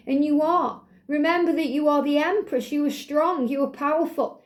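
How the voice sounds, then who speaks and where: A woman giving a spiritual tarot card reading in a soothing, affirming manner, a little out of breath, repeating phrases slowly. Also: high-pitched.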